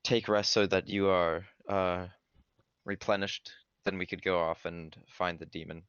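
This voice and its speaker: A man's voice: deep voice, fairly even intonation, unhurried, fairly bright tone, smooth, no room sound, highs cut off. A man playing a tabletop game, talking bluntly and plainly in casual chat.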